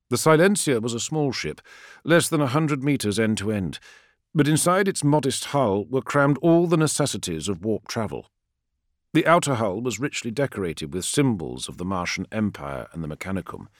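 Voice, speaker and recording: Expressive male audiobook narrator. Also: medium pitch, moderate pace, dry recording, studio quality. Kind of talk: scripted narration.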